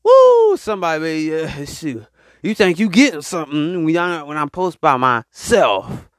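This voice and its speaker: A man hosting a solo podcast, talking in an animated, preachy way and calling out to his listeners. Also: fairly high pitch, normal speed, no echo, clean studio sound. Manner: animated, preachy, call-and-response asides to listeners. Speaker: podcast host. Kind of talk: casual solo podcast monologue.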